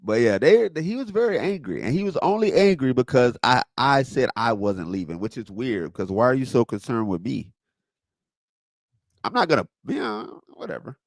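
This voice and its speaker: A man's voice: medium pitch, moderate pace, creaky, dry recording, clean studio sound. A man from Southwest Florida chatting casually on a livestream, telling stories and answering viewers' comments. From Southwest Florida, USA. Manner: animated storyteller, reacts to chat. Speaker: live streamer answering chat.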